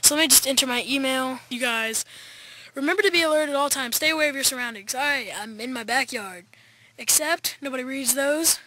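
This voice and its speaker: A male gaming YouTuber giving excited, chatty gameplay commentary from his backyard, talking straight to viewers. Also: very high-pitched, brisk, slight background noise. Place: backyard, outdoors.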